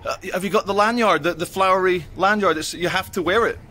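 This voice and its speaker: A man's voice: high voice, quick pace, bright, forceful tone, slight background noise, pitched above the performer's own voice. A man doing a flustered woman at a shop door, her voice raised and thin. She hesitates and fumbles with filler sounds. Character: flustered female shop attendant.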